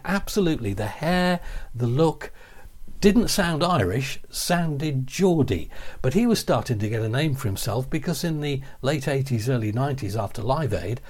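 An older man from England telling a radio anecdote, animated and slipping into other people's voices. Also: mid-range voice. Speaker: radio storyteller. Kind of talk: anecdotal storytelling.

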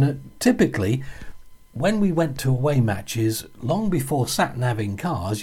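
Man, Yorkshire accent, casual anecdote, husky tone, animated pitch. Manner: chatty, lively storytelling. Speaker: guest storyteller.

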